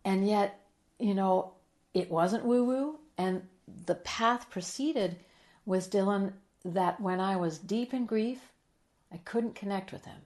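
A middle-aged woman in a heartfelt interview, telling a personal story with earnest emotion, sometimes dropping soft and quiet. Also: mid-range voice, slow pace. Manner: earnest and emotional, drops soft and quiet, then lively when quoting. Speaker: guest.

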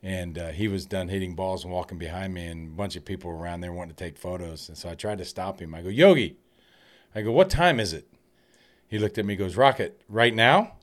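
A middle-aged man with a fairly low voice tells stories in a relaxed chat. He talks in an animated way and laughs through his own punchlines. It sounds like an easygoing conversation. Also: racing, few pauses. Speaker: retired baseball pitcher guest. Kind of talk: casual storytelling chat.

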